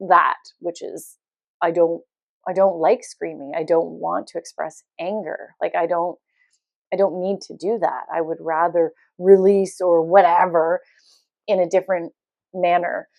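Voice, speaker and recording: Woman host, chatty solo story, acts out quotes, loud laugh, dry booth. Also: fairly low pitch, flat delivery, unhurried, gravelly, no echo. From Canada. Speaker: podcast host. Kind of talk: casual storytelling monologue.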